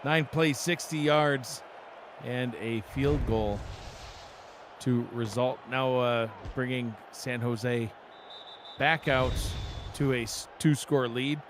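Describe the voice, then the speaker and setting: A man with a New York accent calling play-by-play for a simulated football game, brisk and joking. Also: mid-range voice, background noise. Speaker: play-by-play announcer. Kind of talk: play-by-play commentary.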